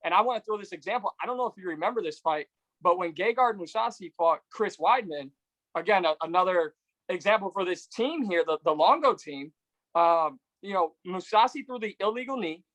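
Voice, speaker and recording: A man's voice: high voice, lively intonation, fairly bright tone, no echo, rough recording. A man hosting a podcast interview, talking conversationally, telling stories and agreeing readily with his guest. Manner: conversational, storytelling, quick to agree. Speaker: podcast host.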